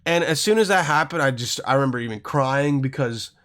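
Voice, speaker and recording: A man's voice: medium pitch, animated, fairly quick, fairly bright tone. A man from Europe hosting a podcast, telling a rambling, crude story in a casual monologue full of swearing and self-interruptions. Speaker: podcast host.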